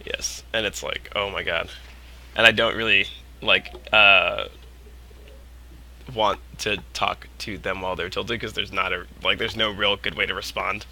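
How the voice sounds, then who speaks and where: A man's voice: fairly low pitch, fairly even intonation, unhurried, pushed and bright. A man streaming a game, chatting casually with lots of "like" and "uh" fillers. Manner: rambling, lots of likes and uhs, drops to a mutter. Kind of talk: casual gaming stream chat.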